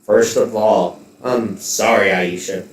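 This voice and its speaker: A man voicing a gruff male military operative who grumbles and apologizes after being scolded. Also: on the low side, steady tone, takes it slowly, echoey room, recorded from a distance. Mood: sheepish. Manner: grumbling, sheepish.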